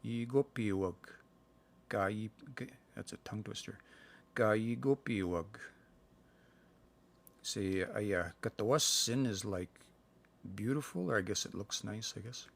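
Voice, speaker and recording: A man from Canada giving a casual livestream language lesson, thinking aloud and slowly sounding out words between fillers. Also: lowish voice, creaky, fairly bright tone. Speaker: language learner sharing practice phrases. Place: indoors, livestream. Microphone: phone.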